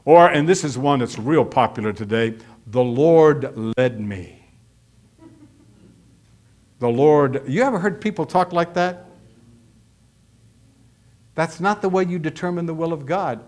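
A man's voice: fairly high pitch, normal speed, pauses often. A middle-aged man preaching a sermon as pastor, folksy and emphatic, acting out quotes from people he talks about.

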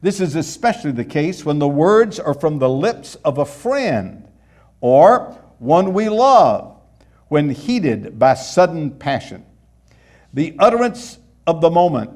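A middle-aged male pastor preaching a sermon in a conversational way, asking rhetorical questions and dropping suddenly soft. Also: a little high, very animated, slow.

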